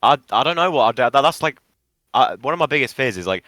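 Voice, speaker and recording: A man co-hosting a casual podcast, reacting with loud disbelief and swearing often. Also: mid-range voice, animated, quick pace, no echo. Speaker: podcast co-host. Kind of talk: casual chat.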